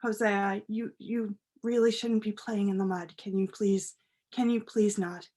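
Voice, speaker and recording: A woman voicing a stern but loving father in a children's story, speaking in a measured, halting way. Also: mid-range voice, fairly even intonation, dark tone, voice pushed down, close to an everyday voice. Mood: mild.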